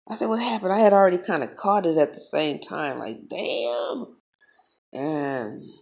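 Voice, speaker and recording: A woman vlogger, telling a story in a heated, profane, animated way. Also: low voice, vocal fry. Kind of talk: casual storytelling monologue.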